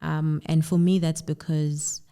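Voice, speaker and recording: A woman's voice: low voice, little pitch movement, unhurried, mellow, clear, resonant tone. A woman guest on a parenting podcast, speaking earnestly and encouragingly in affirmations. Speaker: podcast guest, mom blogger. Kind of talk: heartfelt conversational interview.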